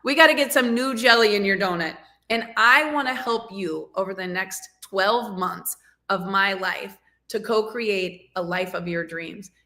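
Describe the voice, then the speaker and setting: A woman's voice: medium pitch, unhurried, sharp tone. A woman hosting a live motivational talk over a video call, speaking in an emphatic, rousing way and urging her audience to act. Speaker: motivational coach and show host. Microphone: video call microphone.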